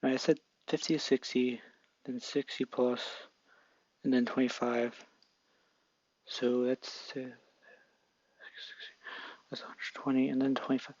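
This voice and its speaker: A young man narrating an improvised fan story in a halting, casual way with many restarts. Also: mid-range voice, level tone, darkish tone, dry recording. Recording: dull lo-fi mic.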